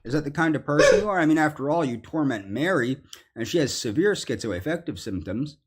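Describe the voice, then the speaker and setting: Indignant man ranting, lively pitch. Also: noisy background. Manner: accusatory, indignant, halting with fillers. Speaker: commentary subject in clips. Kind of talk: ranting monologue.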